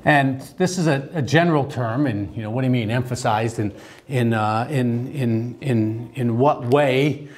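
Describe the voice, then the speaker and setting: A man teaching a theology class, talking in a halting way with many restarts and fillers and asking the class questions. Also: mid-range voice. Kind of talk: classroom lecture.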